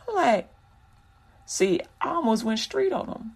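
A man's voice: extremely high pitch, sing-song, measured pace, creaky, husky. A man hosting a Christian radio show, talking in a loose, slangy, rambling way and preaching casually to listeners.

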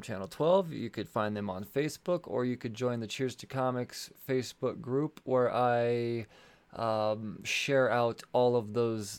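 A man's voice: mid-range voice, a little mellow, clear, resonant tone. Rambling man hosting a podcast. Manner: rambling, swears, stumbles over words. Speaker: podcast host. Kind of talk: casual solo podcast ad read.

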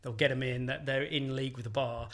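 Quick-talking man chiming in. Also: medium pitch, flat delivery, fairly bright tone. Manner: chatty and quick to chime in. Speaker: podcast co-host. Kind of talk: casual chat.

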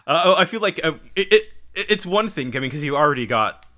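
A man's voice: on the high side, animated, fast, sharp tone. A man co-hosting a casual podcast chat, often hesitating and restarting sentences as he thinks aloud. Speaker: podcast co-host.

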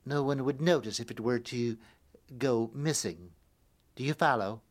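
Nervous elf coworker, played by a woman, very low voice, hesitant, conspiratorial, family radio play. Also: a little slow. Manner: hesitant, conspiratorial, stumbling over words.

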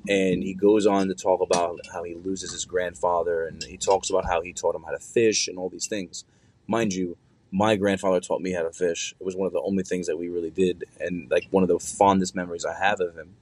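A man's voice: sits low, flat delivery, brisk, a little mellow. A young man telling a personal story in a loose, conversational way, with plenty of fillers and slang.

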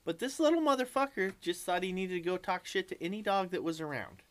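A man's voice: high-pitched, a little fast. A man in casual podcast chat, swearing freely and acting out quotes as he tells stories. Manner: profane, animated storyteller acting out quotes. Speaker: podcast co-host.

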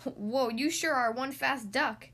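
A woman voicing an eager, cheerful male duck who talks excitedly. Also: sits high, slow, full character voice. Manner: excited, upbeat.

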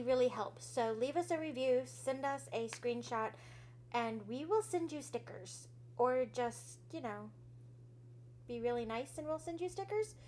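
A woman's voice: a little high, a little mellow, slight background noise. Bubbly, giggly woman podcast host. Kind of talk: casual chat.

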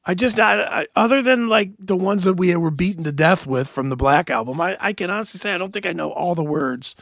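A male podcast host chatting casually, hoarse and joking, with a profane, laughing manner. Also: high voice, a little fast, fairly bright tone, no echo, clean studio sound. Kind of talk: casual chat.

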